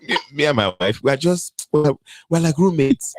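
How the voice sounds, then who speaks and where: A man's voice: on the high side, animated, moderate pace, dry recording, faint music behind, pitched above the performer's own voice, lightly acted. A man voicing a married Nigerian man who sweet-talks a woman, speaking in a Nigerian accent. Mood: sweet-talking. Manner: pleading, sweet-talking, playful. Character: smooth-talking married Nigerian man flirting.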